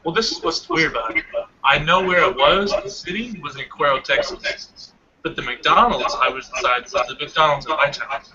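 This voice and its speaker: A man's voice: a little high, normal speed, highs cut off, over a noisy crowd. A young man in casual chat, animatedly telling a long dream story and laughing often. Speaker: hangout participant.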